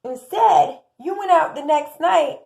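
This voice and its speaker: A woman in her thirties from the United States speaks in a high, bright voice. She gives indignant, opinionated commentary and pushes her volume up as she makes her case. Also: slow pace, vocal fry. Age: 30s. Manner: impassioned, indignant, rising in volume. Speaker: true crime commentator.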